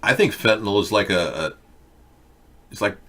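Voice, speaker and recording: A man hosting an online political commentary show, wry and rambling, with many halting restarts. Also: lowish voice, lively intonation, a bit bright. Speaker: host.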